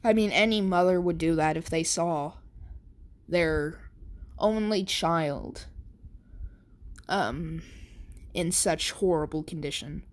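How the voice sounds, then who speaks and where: A woman's voice: low-pitched, slow, pauses often. A woman casually narrating a fan story, rambling with many fillers and restarts.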